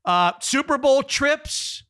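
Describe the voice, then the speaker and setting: A male radio host with a high, bright voice. He reflects fondly and in an easy, casual way on years of shared shows. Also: animated, slow pace.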